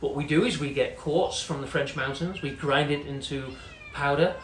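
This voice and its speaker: A man's voice: a little high, fairly even intonation, normal speed. A man telling a long story in a chatty, casual way, full of "you know" fillers and quoted voices. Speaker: company CEO telling a story. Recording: echoey room with faint noise.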